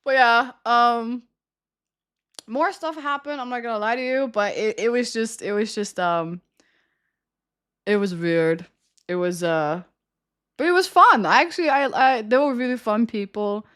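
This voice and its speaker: A woman's voice: fairly high pitch, a little slow, long pauses, fairly bright tone, clean tone. A young woman streamer telling a story in casual chat, rambling and laughing often. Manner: rambling, chatty, with frequent laughter and "like" fillers.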